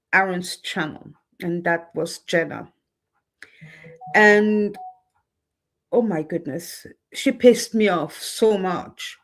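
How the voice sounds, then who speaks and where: A woman talks to her viewers in an unhurried, deliberate way, her pitch sitting in an ordinary middle range. She is blunt and openly indignant, and her voice climbs and sharpens as she gets heated. It is a candid, unscripted livestream monologue. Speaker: channel host.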